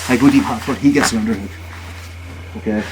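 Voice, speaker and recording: A man leads a jiu-jitsu class at a retreat, explaining each move while he demonstrates it. His speech comes in short, halting bursts, and he keeps checking in with his students. The recording carries clear background noise from the training room. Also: medium pitch. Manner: chatty, checks in with "okay?" often; talks while moving on the mat, halting phrases. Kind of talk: live technique demonstration.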